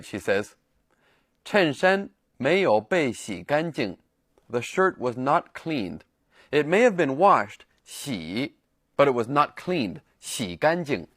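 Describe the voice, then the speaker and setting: Lively male language teacher, dry sound. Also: medium pitch, no room sound. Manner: explains slowly and repeats example phrases. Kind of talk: scripted lesson narration.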